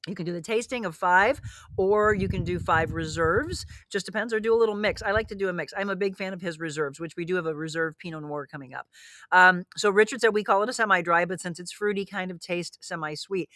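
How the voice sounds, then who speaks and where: A woman's voice: on the low side, fairly quick, no echo. A woman hosting a wine chat show, talking casually and telling stories with animation. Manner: chatty, animated storyteller. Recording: noisy home recording.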